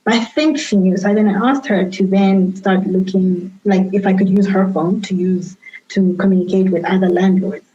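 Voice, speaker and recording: A woman guest telling her own story candidly in a reflective way, often pausing and restarting her sentences. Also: medium pitch, fairly even intonation, dark tone, slight background noise. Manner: reflective, with frequent fillers and restarts. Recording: dull lo-fi sound.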